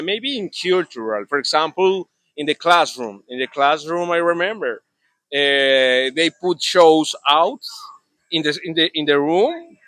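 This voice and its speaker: A young man with a Colombian Spanish accent, a native Spanish speaker, talking in an interview in halting English with many restarts. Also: on the high side, sharp tone, no echo. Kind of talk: casual interview talk.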